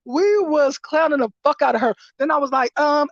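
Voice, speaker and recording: A woman with a high voice tells a story as a casual, animated and profane vlog rant. Her voice is recorded dry, with a dull lo-fi sound. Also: fairly quick, hardly any pauses, dry recording. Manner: animated, profane, laughing through retelling. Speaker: vlogger.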